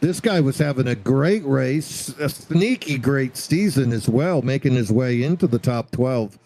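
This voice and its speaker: A man's voice: mid-range voice, lively intonation, a little slow, mellow, slight background noise, poor audio. A man doing play-by-play commentary on a sim racing broadcast, joking and bantering with his co-host.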